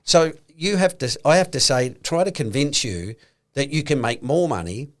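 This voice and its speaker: A man's voice: fairly high pitch, lively intonation, normal speed. Australian man explaining finance casually. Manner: explains points through acted-out hypothetical conversations. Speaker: podcast co-host. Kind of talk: casual chat.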